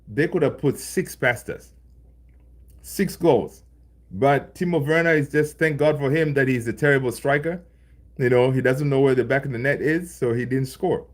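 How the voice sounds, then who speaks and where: A man hosting a casual football livestream, rambling and animated, packing his talk with fillers and "right?". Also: mid-range voice. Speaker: football channel livestream host.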